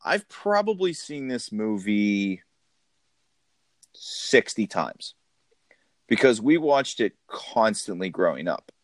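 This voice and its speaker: A man's voice: fairly low pitch, big pitch swings, slow, long pauses, dry recording. A man co-hosting a casual movie podcast who laughs often and acts out quotes. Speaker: podcast co-host. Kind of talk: casual chat about a movie.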